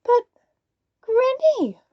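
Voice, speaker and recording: Storybook child: a high, wide-eyed little girl, played by a woman, slow wondering questions, lo-fi. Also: big pitch swings, no echo, heavily acted.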